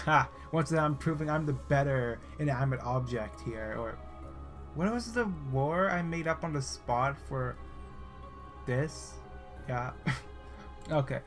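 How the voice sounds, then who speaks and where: A man's voice: mid-range voice, measured pace, pauses often, a bit bright, soft background music. A man giving casual, jokey gameplay commentary that wanders off on tangents, and at times reading a scripture passage aloud. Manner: rambling, jokey, self-interrupting.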